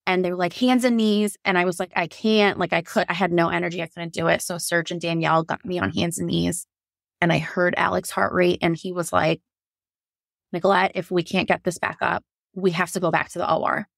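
Telling her own birth story on a podcast, a thirtysomething nurse is candid and emotional, reenacting what she said back then with rising pitch. She speaks fairly quickly with gravelly, fairly even intonation, on a dry, studio-quality recording.

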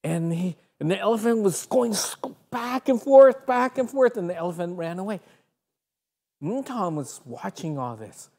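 A woman telling a children's story in a worship broadcast studio, animated, with sound effects and a gentle lesson. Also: mid-range voice, measured pace.

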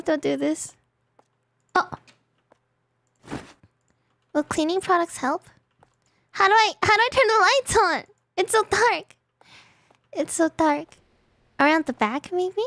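A woman streams a game casually and playfully, chatting with viewers and bursting into dramatic exclamations. Her voice is very high with a fairly bright tone, and there's no echo.

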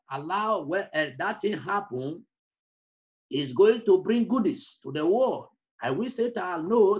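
A man's voice: high voice, lo-fi sound. A man preaching an emotional personal testimony, repeating phrases and breaking into song. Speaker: evangelist.

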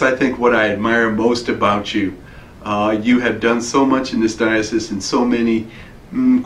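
A man giving an earnest, halting video greeting to a colleague, with many pauses and fillers. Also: medium pitch, a bit bright. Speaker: diocesan colleague. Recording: echoey room, faint noise.

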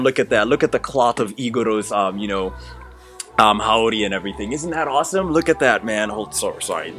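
A man hosting an excited unboxing vlog, gushing and exclaiming, repeating his thanks again and again. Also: mid-range voice. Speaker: unboxing host.

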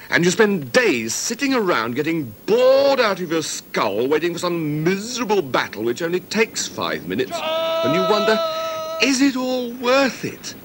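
An actor playing a weary soldier grumbling about battle in a glum, complaining way. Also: male voice, on the high side. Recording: very noisy old TV recording.

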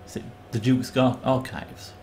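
Slow-talking man streaming a game. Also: medium pitch, fairly even intonation, warm tone, a little hiss or hum. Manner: chatty, rambling, reads game text aloud. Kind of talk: casual gameplay commentary.

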